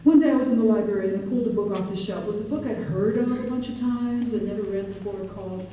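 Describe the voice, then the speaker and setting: A middle-aged woman from Ohio and Michigan, telling personal stories in an animated lecture and acting out the people she quotes. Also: mid-range voice, quick pace, slight background noise. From Ohio and Michigan, USA. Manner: animated, acts out quoted voices, slips into French. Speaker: professor giving a talk. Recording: echoey hall, distant mic, dull sound.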